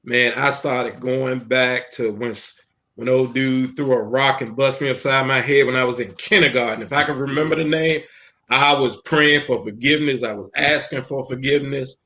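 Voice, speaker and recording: A man who is a minister, telling his personal testimony in an interview in an earnest storytelling way with frequent pauses and ums. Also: mid-range voice, steady tone, pushed and bright.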